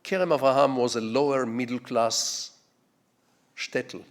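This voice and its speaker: An older man from Israel with an Israeli accent, giving a public lecture as a digressive storyteller who poses rhetorical questions and swings from quiet asides to loud, sweeping lines. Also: medium pitch, unhurried. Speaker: guest lecturer.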